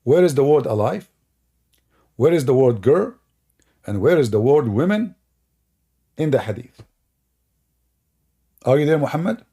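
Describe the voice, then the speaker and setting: Gravelly, husky man mocking on stream. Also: medium pitch, very animated, a little slow, long pauses, warm tone. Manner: sarcastic, mocking, with loose non-native grammar. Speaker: livestream host taking callers. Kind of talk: mocking religious-debate livestream.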